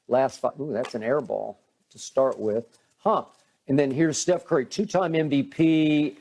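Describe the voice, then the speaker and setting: A man co-hosting a heated sports debate, walking through game clips in a measured, pointed way. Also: mid-range voice, a little mellow. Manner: measured, narrates clips, dismissive interjections.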